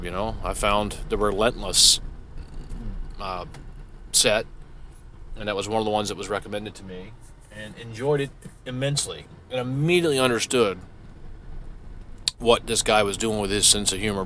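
This is a rambling solo podcast monologue from a middle-aged man in a parked vehicle, casual and profane, with lots of restarts. He speaks with a fairly low pitch and a bright, forceful tone over a slight hiss or hum.

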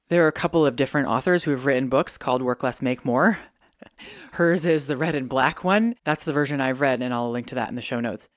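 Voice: mid-range voice, dry recording, studio quality. A podcast host talking alone in a chatty, candid way, laughing often. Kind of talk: solo podcast monologue.

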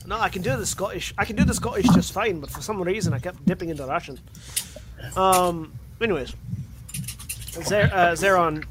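A man's voice: high-pitched, normal speed, heavy background noise. Man running a tabletop game. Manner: chatty, laughing, swears casually. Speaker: game master.

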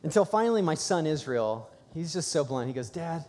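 A man preaching a sermon at a church service, telling stories conversationally and breaking into excited bursts. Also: a little high, a little fast. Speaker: pastor. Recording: long hall reverb.

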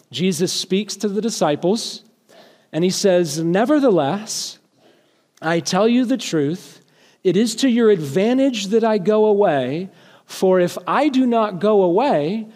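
A man's voice: high-pitched, a little mellow. A male pastor preaching a sermon earnestly, now and then lifting his voice for emphasis. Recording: long hall reverb.

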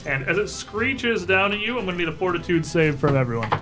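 A bright, slightly high-pitched man narrates as game master, loose and chatty, dropping filler words as he describes the fight. Soft music plays behind him. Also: lively intonation, quick pace. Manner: laid-back, chatty, frequent uh fillers.

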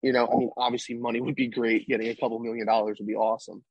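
Husky young man telling a story. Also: medium pitch, level tone, rapid-fire, no room sound, lo-fi sound. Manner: rambling, tag questions like "right?". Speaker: podcast guest, baseball player. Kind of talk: casual storytelling interview.

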